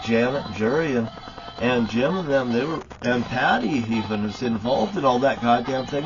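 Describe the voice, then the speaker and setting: A man delivering a profane, accusatory rant to camera outdoors, sometimes shouting. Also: medium pitch, highs cut off. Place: outdoors at a rock landmark.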